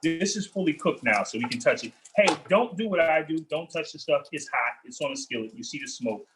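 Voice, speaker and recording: A man chef chats casually on a cooking show, talking through each step as he works the skillet. His voice swings up and down in an animated, playful way. A faint noise sits under the recording. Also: a little high, fairly quick. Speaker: chef co-host.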